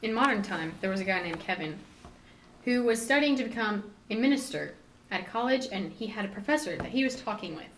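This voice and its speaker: A woman's voice: medium pitch, animated, fairly quick, a bit bright. Teen girl storyteller, casual recap, distant noisy classroom recording. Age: teens. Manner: casual, chatty retelling with quoted voices. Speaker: student storyteller. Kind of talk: retelling a novel aloud. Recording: distant mic with background noise.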